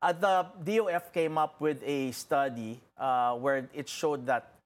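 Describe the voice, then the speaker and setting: A man explains industry numbers in an interview. He talks in a measured way, correcting himself and filling gaps with "uh" as he goes. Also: mid-range voice. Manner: measured, cites figures with fillers and restarts. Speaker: beverage industry representative. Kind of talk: interview answers.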